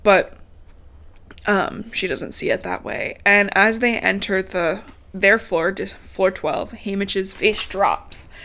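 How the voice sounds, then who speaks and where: This woman co-hosting a podcast takes it slowly, her mid-range voice carrying a sharp tone. She recaps a book in loose, chatty conversation full of swearing and laughs, while a dog is heard from time to time.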